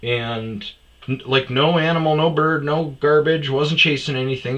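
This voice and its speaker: A man with a fairly high voice hosts his own podcast, telling funny stories casually at a normal pace. He swears constantly and acts out quoted exchanges in a raised voice. The background is noisy.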